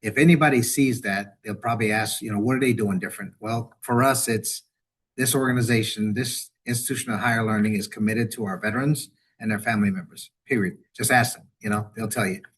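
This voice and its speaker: A fairly low, breathy-edged voice belongs to a middle-aged university veterans director appearing briskly as a webinar guest over video. He rambles through the conversational interview, restarting sentences and repeating words, and gets animated when quoting.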